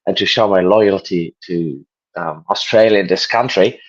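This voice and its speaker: Low-voiced German man on a dull call. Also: normal speed. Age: 20s. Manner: relaxed, joking, hesitant with fillers. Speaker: interview guest. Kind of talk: casual interview chat. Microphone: video call. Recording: dull lo-fi video call audio.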